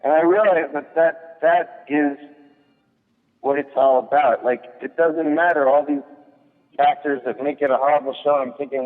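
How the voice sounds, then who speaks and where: A man's voice: a little high, steady tone, normal speed. A male comedian chatting casually, telling a rambling story with many fillers and restarts. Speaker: guest comedian. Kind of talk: casual chat. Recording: thin phone-like sound with long echo.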